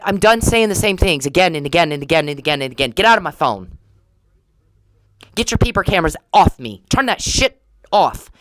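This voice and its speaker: A woman's voice: lowish voice, no room sound, poor audio. A woman delivering an angry, accusing podcast monologue straight at someone she blames, repeating herself in a confrontational way. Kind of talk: angry monologue aimed at an absent person.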